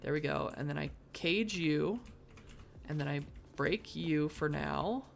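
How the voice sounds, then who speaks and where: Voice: mid-range voice, a little slow, gravelly, a little hiss or hum. A streamer thinking aloud through live gameplay, with mock-dramatic bursts of frustration. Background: faint background music.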